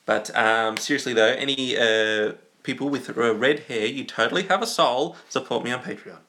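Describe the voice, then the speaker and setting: An Australian man in his young adult years chats through a livestream, answering viewer comments off the cuff. His voice is bright and forward, sitting at an ordinary middle pitch. He rambles, restarts and slips into silly asides. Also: moderate pace. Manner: rambling and goofy, with playful asides. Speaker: livestream host. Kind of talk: casual live-stream chat reading viewer comments.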